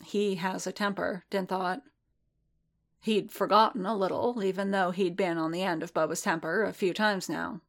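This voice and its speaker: A woman reads a story aloud with even, unhurried narration. Her voice sits fairly low for a woman. She now and then restarts a phrase. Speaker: reader. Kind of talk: reading fan fiction aloud.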